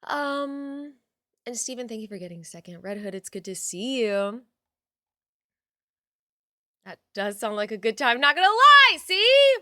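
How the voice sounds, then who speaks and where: A woman's voice: medium pitch, unhurried, pauses often, a bit bright, no room sound, studio quality. A young adult woman chatting casually on a live stream, reading out her chat and swearing now and then.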